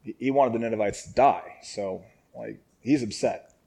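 A man's voice: lowish voice, normal speed, vocal fry, darkish tone, slightly rough. Chatty man teaching scripture, laughing. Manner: laughs often, acts out lines in a raised voice; jokey and conversational. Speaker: Bible teacher. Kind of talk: casual Bible teaching.

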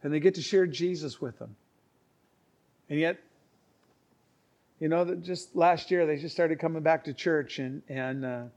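A man preaching, telling stories in an earnest, halting way with many restarts and acted-out quotes. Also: fairly high pitch, a little mellow. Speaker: pastor. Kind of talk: sermon storytelling.

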